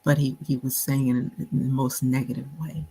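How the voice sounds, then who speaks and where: Middle-aged woman, guest author; husky, measured storyteller. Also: extremely low pitch, little pitch movement, warm tone, rough recording. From Buffalo, New York. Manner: measured, reflective, many ums. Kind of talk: interview storytelling.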